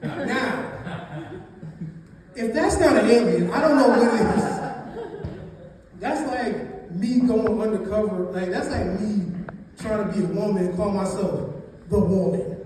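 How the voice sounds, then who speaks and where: A man's voice: sits high, measured pace, pauses often, a little mellow. A young man doing a stand-up comedy set, telling loose, rambling stories full of fillers. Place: comedy show room. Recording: echoey live room taken from a distance, noisy. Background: audience laughter.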